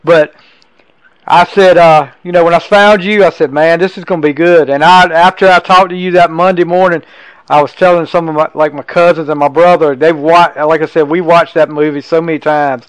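A man's voice: a little high, fairly even intonation, brisk, clean tone, no room sound, low-quality recording. A man hosting a podcast from home, talking eagerly in casual interview style with frequent restarts. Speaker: podcast host. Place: home in a tiny town.

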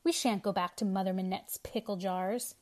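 A woman's voice: medium pitch, fairly even intonation, moderate pace, natural voice. A woman voicing a group of defiant talking cabbages in a storybook reading. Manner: defiant, loud. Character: rebellious wild talking cabbages.

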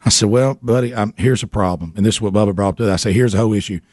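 A man hosting a radio show, telling a story in a casual, animated way with laughter and repeated words. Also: fairly low pitch, very fast, dry recording, clean studio sound.

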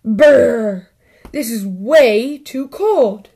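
A woman's voice: fairly high pitch, lively intonation, very slow, mellow, husky, full character voice. Storybook little girl, curious and fussy, exclaiming; a woman reader does her.

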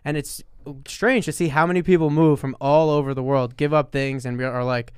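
A man's voice: on the high side, normal speed, few pauses, clean tone, no room sound, clean studio sound. Man with a New York accent. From New Jersey. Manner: animated, rambling. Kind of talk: casual chat.

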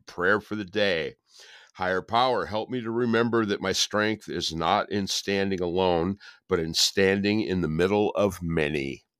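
Deep husky guy on a podcast, rambly dry jokes, sick voice, dead dry sound. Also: a little slow, fairly bright tone, dry recording. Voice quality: rough, husky voice. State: recovering from covid, foggy. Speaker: podcast co-host. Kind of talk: casual chat and devotional reading.

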